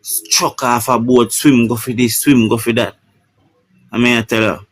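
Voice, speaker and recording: A man's voice: medium pitch, steady tone, a little slow, no echo. A man with a Jamaican Patois accent giving an emotional personal account in an interview, often adding "you know, bro". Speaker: shipwreck survivor.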